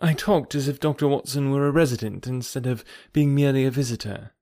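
A man voicing a young woman in an audiobook, speaking in a low, eager voice with a slight lisp and hushed, hurried warnings. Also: fairly even intonation, no room sound, clean studio sound, natural voice. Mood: polite. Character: young woman, urgent and secretive. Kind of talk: audiobook character voice.

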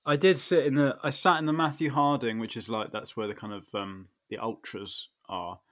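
A man's voice: mid-range voice, steady tone, normal speed, a bit bright. A man from England, a guest on a casual podcast, talking in a wry, self-deprecating way with frequent laughter. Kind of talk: casual chat.

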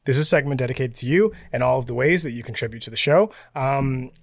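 Podcast co-host, male: mid-pitched, chatty and playful, with a dry, close sound. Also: quick pace, creaky, no room sound. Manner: playful, rambling, laughs easily. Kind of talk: casual podcast chat.

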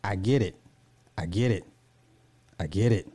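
A man's voice: lowish voice, a little slow, mellow, dry recording. A man chatting casually on a live stream, reading out viewer comments and ranting, laughing often and swearing freely.

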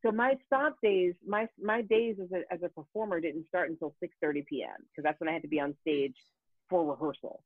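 Brief: woman voice actor, 40s, lively storyteller who mimics others, heard over a tinny phone line. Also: lowish voice, a little fast, slightly rough, no room sound. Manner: animated storyteller, acts out quoted voices. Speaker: voice actor guest. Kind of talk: casual podcast chat. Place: home in Los Angeles.

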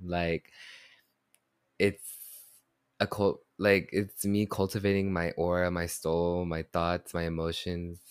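Low-voiced bubbly young man. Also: little pitch movement, slow pace, pauses often, clear, resonant tone, no echo, studio quality. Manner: rambling, filler-heavy, bubbly and affectionate. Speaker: podcast host. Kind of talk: casual solo podcast chat.

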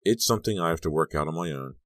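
A man reading as a battered, troubled teenage boy in a horror audiobook, with a voice that sits extremely deep. He sounds subdued and earnest, pleading when pressed, all in a dry, close recording. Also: lively intonation, racing, no echo. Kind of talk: audiobook narration.

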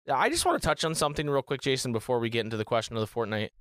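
A man's voice: mid-range voice, rapid-fire, no room sound, clean studio sound. A man hosting a podcast in casual chat, joking and swearing as he talks. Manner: animated, swearing, mimics singers. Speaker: podcast host.

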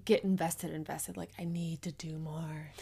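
A playful woman in her late thirties, co-hosting a podcast. She tosses in quick quips and keeps the chat light with frequent affirmations. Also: deep voice, level tone, vocal fry, warm tone, breathy edge. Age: 30s. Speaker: podcast co-host. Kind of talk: casual chat.

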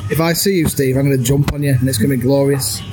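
A man's voice: mid-range voice, fairly even intonation, quick pace, music in the background. A man chatting in a parked car outside a football ground, teasing his friend and laughing often. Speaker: podcast co-host. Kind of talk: casual matchday chat.

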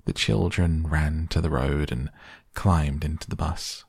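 A man reading a children's novel aloud as a calm bedtime audiobook, with a gravelly, husky voice. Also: very deep voice, a little slow, no room sound, studio quality. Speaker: audiobook narrator.

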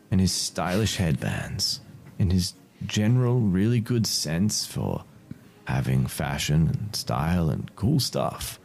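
A man's voice: deep voice, gravelly, darkish tone. A man narrating as game master of a tabletop game, playful and self-mocking. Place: home streaming setup.

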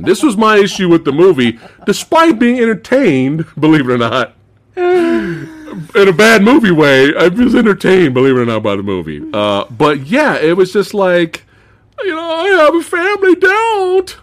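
A male podcast host chatting casually about a movie, animated, swearing freely, laughing often and acting out movie lines. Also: high voice, normal speed. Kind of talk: casual movie review chat.

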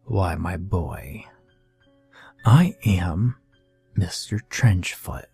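Man voicing a jovial bear-like creature, slow drawl, husky low tone, friendly and genial. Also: huge pitch swings, mellow, dry recording, faint music behind, exaggerated voice.

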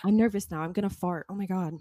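A woman's voice: lowish voice, steady tone, fast talker, dark tone, dry recording. A young adult woman co-hosting a podcast, playful and joking, laughing and swearing. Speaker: podcast co-host. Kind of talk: casual chat.

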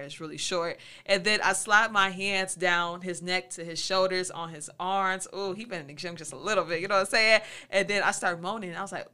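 A woman's voice: medium pitch, pushed and bright, smooth. A woman podcast host telling a candid personal story in a frank, playful, slangy way, acting out her own thoughts.

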